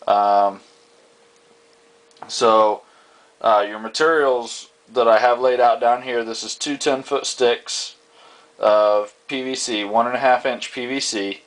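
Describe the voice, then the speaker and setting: A man walking through his homemade build plans indoors in a halting, plain-spoken way. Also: mid-range voice. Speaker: hobbyist vlogger explaining plans. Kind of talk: casual indoor walkthrough.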